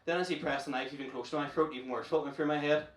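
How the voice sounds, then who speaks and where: A man's voice: fairly high pitch, fairly even intonation, echoey room. Young Northern Irish male comic, brash and profane, heard off a distant mic in a noisy room. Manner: brash, profane, rapid storytelling. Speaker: stand-up comedian. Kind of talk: stand-up comedy set. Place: comedy club stage.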